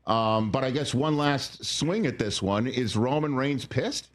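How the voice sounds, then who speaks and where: A man's voice: mid-range voice, unhurried. A man hosting a sports talk show and asking an interview guest playful, prodding questions.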